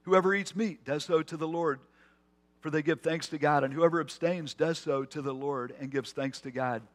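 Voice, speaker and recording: A man's voice: a little high, normal speed. A man preaching a conversational sermon as pastor, with asides and restarts. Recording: long hall reverb.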